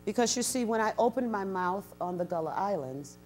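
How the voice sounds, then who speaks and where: A woman storyteller giving an animated talk to a university audience, acting out the people she quotes. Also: fairly quick, slight background noise. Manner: animated, acts out quotes with big pitch jumps. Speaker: storyteller and guest speaker. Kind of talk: storytelling lecture. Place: university event, in front of an audience.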